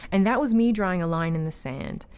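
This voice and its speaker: A woman talking casually about her own life, earnest, with lots of fillers and restarts, growing animated when she retells disagreements. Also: fairly low pitch, brisk, clear, resonant tone. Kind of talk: personal storytelling chat.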